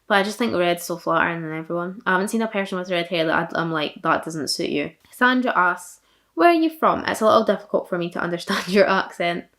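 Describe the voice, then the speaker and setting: A woman's voice: on the low side, fast talker, hardly any pauses, fairly bright tone. A young woman from Fife with a thick Fife Scottish accent, chatting casually while answering viewer questions in a vlog. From Fife, Scotland. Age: young adult. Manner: chatty, self-deprecating, many likes and laughs.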